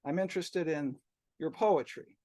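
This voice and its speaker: A man introduces poets at a poetry bookshop reading held as a hybrid video call, chatting with asides and self-corrections before reading quoted lines of poetry aloud. His voice is a little high and warm, at normal speed, with no room sound.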